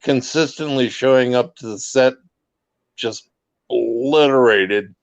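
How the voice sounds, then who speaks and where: A man's voice: mid-range voice, measured pace, gravelly, no echo, muffled recording. A man, a guest on a casual livestream panel, chatting emphatically. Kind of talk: casual chat.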